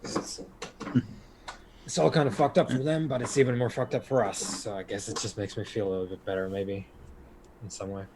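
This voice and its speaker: A man's voice: fairly low pitch, fairly even intonation, background noise. Hesitant man playing a tabletop game. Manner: hesitant, halting restarts. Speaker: player. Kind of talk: in-character tabletop play.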